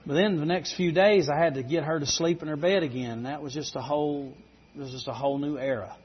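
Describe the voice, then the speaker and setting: Middle-aged male preacher, husky, slightly high, folksy storytelling sermon on a dull lo-fi recording. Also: steady tone, fast talker.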